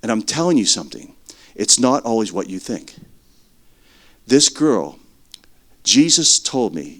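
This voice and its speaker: A middle-aged man preaching a sermon as earnest testimony, swinging between loud stretches and hushed ones. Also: lowish voice, sing-song, measured pace, long pauses.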